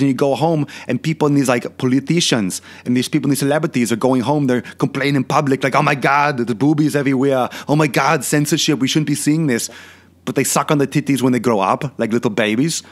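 A man's voice: medium pitch, fairly quick, natural voice. A man playing a boastful, crude older Austrian bodybuilder turned film star in a comedic rant, with a heavy put-on Austrian accent. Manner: crude, ranting, boastful, repetitive filler questions. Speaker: fitness channel host.

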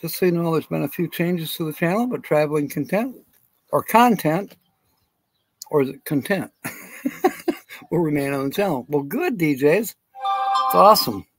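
A man's voice: a little high, animated, moderate pace, pauses often, fairly bright tone, husky, no room sound. A man hosting a casual live stream outdoors, rambling and chuckling as he answers viewers by name. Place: outdoors in sunshine.

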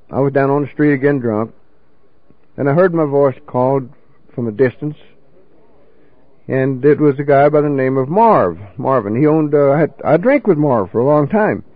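A man's voice: mid-range voice, no room sound, phone-quality sound. An older man telling a folksy, salty story of his drinking days to a recovery meeting, peppering it with "you know.".

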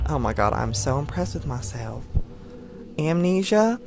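A young man narrates his horror game playthrough in a jittery, frightened voice, his pitch fairly high and swinging widely. He mutters to himself between panicked outbursts. Game music plays clearly behind him. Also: very animated, a little slow, darkish tone. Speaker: gaming channel host. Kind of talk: horror game let's play commentary.

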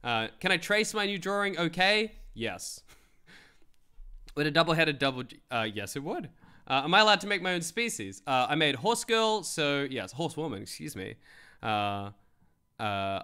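A young man streaming, joking and swearing as he reads web articles aloud. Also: fairly high pitch. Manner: joking, animated, swears freely. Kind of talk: casual commentary reading web articles.

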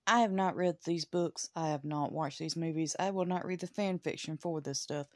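A woman's voice: low-pitched, moderate pace, dry recording. Rambling woman movie reviewer, dry sound. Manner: rambling, chatty, self-interrupting. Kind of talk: casual vlog answering a viewer question.

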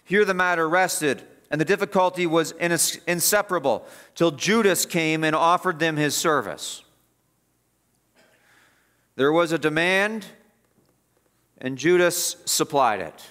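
A man's voice: fairly high pitch, a little slow, long pauses, a bit bright. Emphatic male pastor preaching a sermon. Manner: emphatic, repetitive preaching with rising and falling intensity. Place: church.

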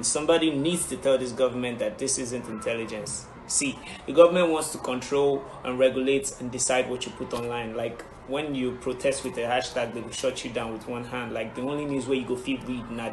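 A man's voice: medium pitch, a little hiss or hum. A man introducing himself and delivering an impassioned monologue. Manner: earnest, impassioned. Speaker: reality show contestant. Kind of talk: audition video, spoken-word monologue. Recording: echoey room with music.

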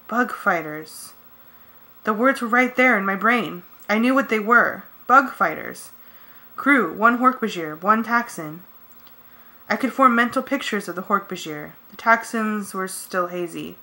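A woman reading a first-person novel aloud as a fan audiobook, with brisk, tense storytelling. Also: medium pitch, pushed and bright, rough recording. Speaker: audiobook reader.

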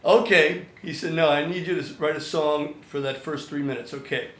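An older man spins a lively anecdote and acts out every voice in it. His voice sits a little high, and the sound is roomy and echoey. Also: moderate pace. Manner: animated storyteller, acts out quotes. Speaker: songwriter guest. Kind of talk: storytelling anecdote. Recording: echoey room.

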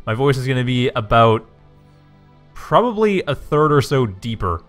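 A man casting a strategy game match with chatty play-by-play commentary, talking in a low morning voice after just waking up, often correcting himself and getting excited at the action. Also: normal speed, soft background music. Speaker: game caster.

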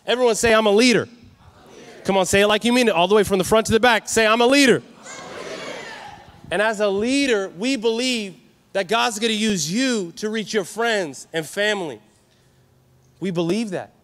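A man from California preaching a sermon at a youth conference, energetic and calling for answers from the crowd. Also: high-pitched, a little fast. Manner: energetic, call-and-response with the crowd. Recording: reverberant hall.

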